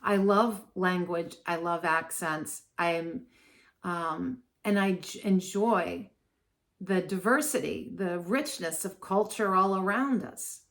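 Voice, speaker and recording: This Maryland astrologer has a lowish voice and takes things slowly. Her talking-head commentary is casual and chatty, wandering off on tangents and packed with fillers.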